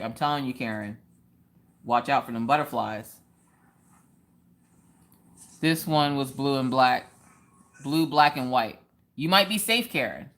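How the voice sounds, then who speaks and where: A woman's voice: a bass voice, a bit bright. A woman hosting a casual craft live stream, joking around and answering viewers in the chat by name.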